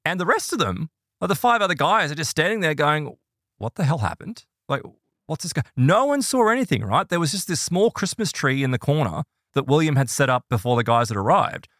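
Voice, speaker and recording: A man's voice: brisk, no echo. A man spins a ghost story for a podcast, his voice swooping up and down as he acts out what people said. The sound is close and dry, with no room around it. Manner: animated, voices quoted people in higher pitch. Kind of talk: casual storytelling chat.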